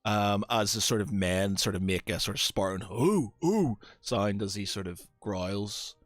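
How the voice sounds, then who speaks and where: A man's voice: lowish voice, flat delivery, moderate pace, fairly bright tone, no room sound, faint music behind. A man narrating as game master of a tabletop game, hesitant and full of fillers.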